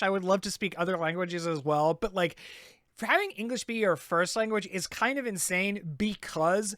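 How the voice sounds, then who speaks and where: A man co-hosting a casual podcast, rambling in halting sentences that stop and restart as he searches for words. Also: high-pitched, fairly bright tone, no echo, clean studio sound. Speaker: podcast co-host.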